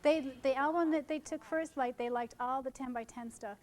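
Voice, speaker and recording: A woman photographer speaks to a seminar room full of colleagues, her voice sitting high. She tells stories from her work with lots of life and acts out the people in them, picked up by a stage microphone. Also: moderate pace. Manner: animated storyteller who acts out quoted people. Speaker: wedding photographer presenting to colleagues. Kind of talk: seminar talk with storytelling.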